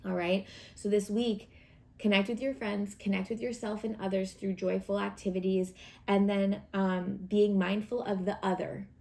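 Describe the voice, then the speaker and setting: A woman with a medium-pitched, fry-tinged voice does a casual weekly tarot reading. She's warm and encouraging, chatting away with plenty of fillers and acted asides.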